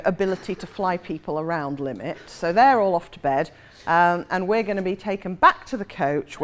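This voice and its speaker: Lively woman author in her forties. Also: on the low side. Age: 40s. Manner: lively, self-mocking, often laughing. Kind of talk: anecdotal storytelling.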